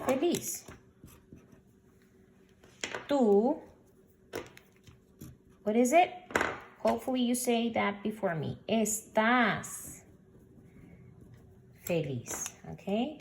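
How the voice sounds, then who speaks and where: A woman's voice: mid-range voice, dark tone, slight background noise. A woman teaching a recorded Spanish grammar lesson, patiently explaining and sounding out example words.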